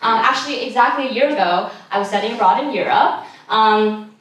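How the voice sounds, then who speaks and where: A woman's voice: fairly high pitch, fairly quick, a bit bright. A young woman from California doing a stand-up comedy set, chatty and self-deprecating with many ums and giggles. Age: young adult. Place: comedy show stage in a room. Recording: very echoey room, picked up from a distance, some noise.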